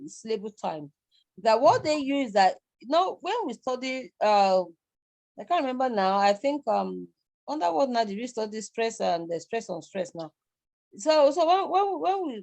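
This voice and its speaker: A middle-aged Nigerian-accented woman gives a live online university lecture, rambling, repeating words and chuckling as she goes. Her voice is mid-range and a little mellow.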